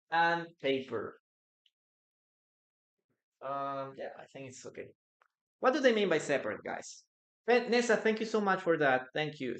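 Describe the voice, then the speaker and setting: A teacher explains English slowly during a live online session, hesitating often and repeating phrases; Spanish is the teacher's native language. The voice is mid-range with a fairly bright tone.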